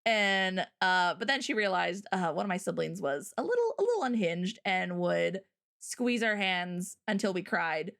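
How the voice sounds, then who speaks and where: A woman's voice: on the low side, lively intonation, normal speed, vocal fry, fairly bright tone. A woman hosting a livestream, chatting casually and rambling through stories and viewer comments, often breaking into laughter. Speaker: livestream host.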